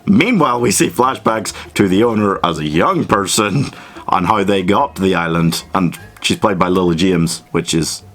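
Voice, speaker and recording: A man's voice: sits low, expressive, moderate pace, fairly bright tone. Sweary, self-mocking male film reviewer. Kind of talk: casual comedic film review.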